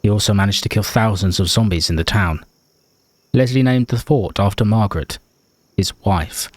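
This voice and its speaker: A man's voice: fairly low pitch, normal speed, no echo, close to an everyday voice. A man reading as a grieving survivor. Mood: solemn. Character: grieving male survivor writing a grave note.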